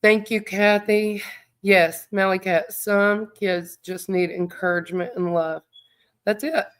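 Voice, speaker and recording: A woman's voice: medium pitch, steady tone, slow, clean tone. A middle-aged woman, hosting a livestream, speaking heartfelt and near tears, with a stuffed-up voice while she reads viewer comments aloud. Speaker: true crime livestream host. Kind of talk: emotional livestream chat.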